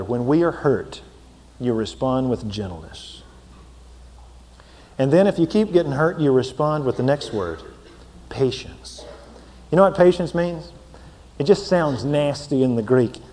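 A man preaching a sermon as a pastor, swinging between shouts and hushed near-whispers, acting out scenes with sound words like "boom.". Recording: long hall reverb.

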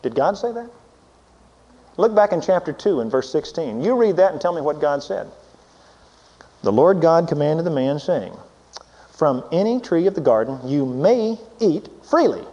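A man preaching a sermon, swinging between loud emphatic peaks and low hushed asides. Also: very animated, normal speed, in a large hall, muffled recording.

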